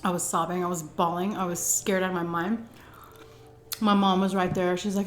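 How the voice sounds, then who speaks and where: Woman vlogger, animated casual storyteller, recorded in a roomy space. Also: lowish voice, normal speed, a little hiss or hum. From Texas. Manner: chatty and dramatic, acts out quoted people. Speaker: food vlogger telling a birth story. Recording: roomy echo.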